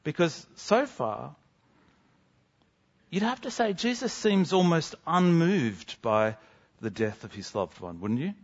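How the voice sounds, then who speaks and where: A man preaching a sermon in an earnest, emphatic way, dropping to soft, slow lines for drama. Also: fairly high pitch, very animated, highs cut off.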